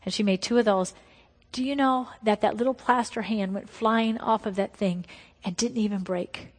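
A middle-aged woman preaching a testimony sermon. She tells her story emphatically, sometimes dropping to hushed tones. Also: medium pitch, fairly even intonation, normal speed. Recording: long hall reverb.

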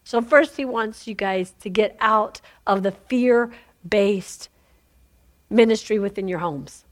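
A woman's voice: medium pitch, slow pace, a little hiss or hum. A woman teaching a women's Bible study in an informal sermon, chatty, laughing often and asking "Amen?" of her listeners.

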